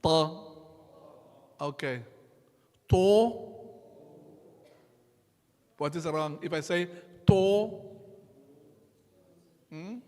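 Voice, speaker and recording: A man teaching a class in a mosque, slow and patient, repeating each sound for his students to copy. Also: fairly high pitch, dark tone. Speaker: Qur'an recitation teacher. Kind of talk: classroom lesson. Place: mosque hall. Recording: long hall reverb.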